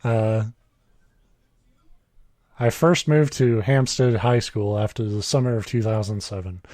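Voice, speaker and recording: A man's voice: fairly low pitch, normal speed, a little mellow, no echo. A man in his early thirties reading a story aloud on a casual podcast, breaking off for asides and correcting himself. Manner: reads aloud with asides, chuckles, self-corrections.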